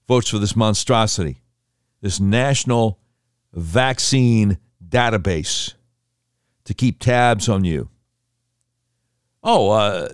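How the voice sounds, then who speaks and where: A man's voice: lowish voice, dry recording, clean studio sound. A man commenting on politics, reading through a list with indignant, sarcastic remarks.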